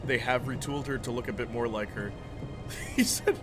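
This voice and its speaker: A young man chats loosely while he plays, drifting from topic to topic and answering viewers as they write in. He laughs often and keeps a loose, rambling flow. Clear game music plays under his voice. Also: mid-range voice, a little fast. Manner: rambling, chatty, reacting to chat, laughs often. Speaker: gaming streamer. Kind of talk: casual chat while playing.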